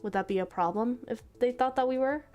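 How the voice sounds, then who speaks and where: A woman's voice: on the high side, fairly quick, dark tone, faint music behind, close to an everyday voice. Aloof schoolboy, as a woman voices him. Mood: cool. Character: aloof popular high-school boy.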